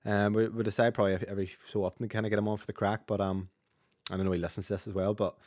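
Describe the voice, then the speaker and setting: Fast-talking Northern Irish man. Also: fairly low pitch, level tone, darkish tone, dry recording, clean studio sound. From Northern Ireland. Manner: rapid, chatty, sweary banter. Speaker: podcast co-host. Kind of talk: casual gaming chat.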